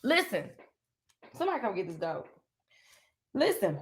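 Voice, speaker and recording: A woman hosting a casual faith-based motivational talk, animated and preachy, calling her viewers "baby" and "honey.". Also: medium pitch, moderate pace, a little hiss or hum. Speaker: host of a live motivational stream.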